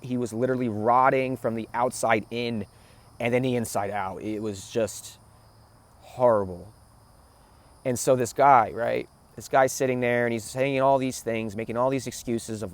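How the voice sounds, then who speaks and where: A man's voice: medium pitch, moderate pace. Earnest man telling a heartfelt story. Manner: earnest, repeats phrases, keeps asking "right?". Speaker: spiritual talk host. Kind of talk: emotional personal storytelling.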